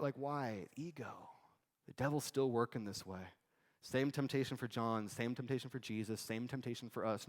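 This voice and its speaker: A male pastor giving a sermon in a conversational, animated way with casual asides. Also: medium pitch, long reverb tail. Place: church sanctuary.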